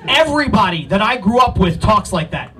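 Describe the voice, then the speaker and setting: Brash high-voiced New York comic. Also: male voice, big pitch swings, fairly quick, bright, forceful tone. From Brooklyn, New York. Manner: brash, profane, ranting delivery. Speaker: stand-up comedian. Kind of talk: stand-up comedy set. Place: comedy club stage. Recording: distant mic, crowd laughter in the room. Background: audience laughter.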